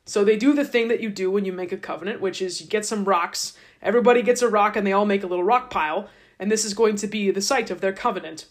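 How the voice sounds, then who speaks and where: A woman's voice: medium pitch, fast talker. A woman podcast host casually retelling a scripture story in a chatty, wry, irreverent way.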